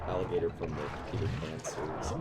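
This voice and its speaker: While streaming a game over game music, a man who voices game characters chats casually and rambles, laughing often. His bass voice moves little in pitch, and he talks fast.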